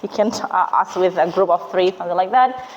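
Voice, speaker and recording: A woman's voice: fairly low pitch, brisk, highs cut off. A woman teaching an English class at a university, asking her students questions and prompting their answers in a classroom.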